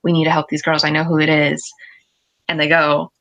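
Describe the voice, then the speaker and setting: A young woman with a lower voice chats through a TV episode recap. She is blunt and swears freely, and she voices the characters' lines as she tells the story. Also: monotone, brisk, a bit bright. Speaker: podcast co-host. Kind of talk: casual TV recap chat.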